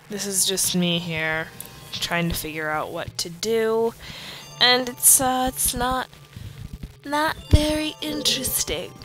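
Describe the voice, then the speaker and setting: Young female let's-player, drowsy and halting, game music behind. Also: on the low side. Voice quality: drowsy, halting with many fillers. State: sleepy, yawning. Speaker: let's play commentator. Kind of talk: casual gameplay commentary.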